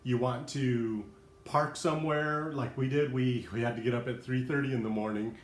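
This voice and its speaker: A man's voice: mid-range voice, steady tone, normal speed. Breathless chatty man, echoey room. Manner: chatty, laughs often, rambling asides. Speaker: livestream host. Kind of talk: casual live-stream chat. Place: at home.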